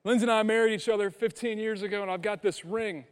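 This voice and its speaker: A man preaching a sermon as pastor, animated and conversational, sinking into hushed prayerful tones at times. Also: high voice, fast, smooth, big-room sound. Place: church sanctuary.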